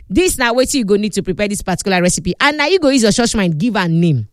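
A woman's voice: medium pitch, big pitch swings, racing, few pauses, dry recording. A woman with a Nigerian accent hosting a studio cooking show, walking viewers through a recipe in a chatty, teasing way. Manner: chatty, teasing, fond of sound words. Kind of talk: lively cooking demonstration in pidgin.

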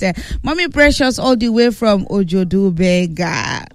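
A Nigerian woman hosting a morning radio show, giving lively, singsong greetings and shout-outs that mix in Pidgin. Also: medium pitch, unhurried, few pauses. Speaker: radio host.

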